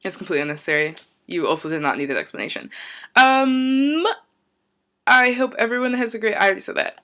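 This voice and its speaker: A woman's voice: fairly high pitch, animated, fast, pushed and bright. A young woman talking casually to camera in a vlog, rambling and going off on tangents in an upbeat, chatty way. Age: young adult. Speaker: vlogger.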